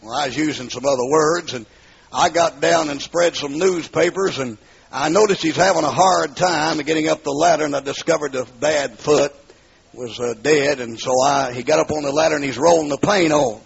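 A man's voice: a little high, normal speed. A man preaching his life testimony in a storytelling manner, acting out the dialogue and rising into pleading cries, from the southern United States. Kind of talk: testimony sermon. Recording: muffled, husky lo-fi recording.

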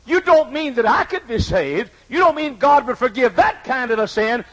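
A male preacher delivering a sermon with great passion, speaking in the first person as repentant sinners and swinging from hushed, low pleading to shouting. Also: lively intonation, moderate pace, few pauses, low-quality recording.

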